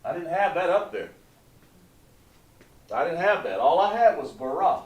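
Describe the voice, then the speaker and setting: A man teaching an online language class, patient and repetitive, drawing out words slowly to model pronunciation. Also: on the high side, expressive, darkish tone, far from the mic. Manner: patient, repeats points, drawn-out slow pronunciations. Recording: echoey room, voice away from mic.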